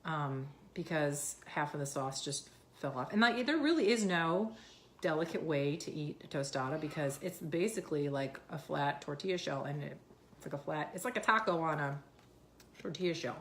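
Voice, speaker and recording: A woman in her thirties with a low voice, rambling casually to her viewers. She talks in a loose, chatty way. The recording has a roomy echo. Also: expressive, normal speed, slight background noise. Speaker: vlogger. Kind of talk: casual chat.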